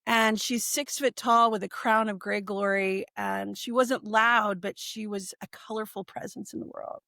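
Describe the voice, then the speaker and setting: A woman in her forties, a podcast guest, telling her personal story in a lively way and acting out what people said. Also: medium pitch, unhurried, gravelly, dry recording, clean studio sound. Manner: animated, acts out quoted speech.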